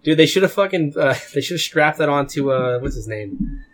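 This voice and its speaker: A man's voice: a little high, lively intonation, normal speed, a bit bright. A young man in casual podcast chat, loose and profane, laughing often.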